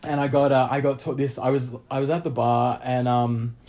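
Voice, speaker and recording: A man's voice: mid-range voice, little pitch movement, normal speed, dark tone. A young Australian man telling a long story in casual chat, rambling with lots of fillers and restarts.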